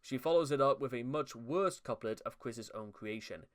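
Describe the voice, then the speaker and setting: Young man, commentary host, smooth clear voice, mid pitch; wry and sarcastic, stumbles and restarts. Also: normal speed. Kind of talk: mocking commentary reading scripted narration.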